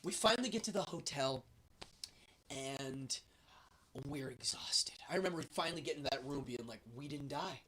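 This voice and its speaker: A man hosting a show, telling a travel story in a lively, animated way and acting out the voices of the people in it. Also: mid-range voice, normal speed. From United States. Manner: lively storyteller, acts out the guards' and his own lines. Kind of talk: animated anecdote.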